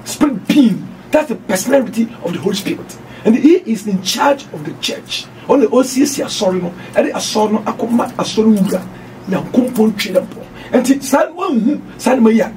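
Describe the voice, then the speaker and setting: A man with a Ghanaian accent preaching on doctrine, emphatic, mixing Twi and English and at times shouting. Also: high-pitched, expressive, moderate pace, far from the mic, slight background noise.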